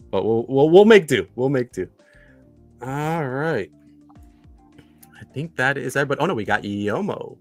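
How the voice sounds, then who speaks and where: A chatty male livestream host with a fairly low voice. He greets viewers by name, reads their comments aloud, and fills his sentences with "uh" and repeated phrases. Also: no room sound. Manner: filler-heavy, repeats himself. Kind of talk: casual livestream chat.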